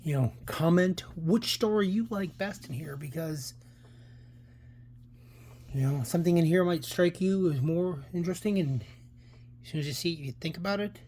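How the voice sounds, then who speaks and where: A man's voice: fairly high pitch, normal speed, long pauses, dark tone, slight background noise. A man hosting a casual comic book read-through, rambling with many fillers and restarts. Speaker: comic book channel host.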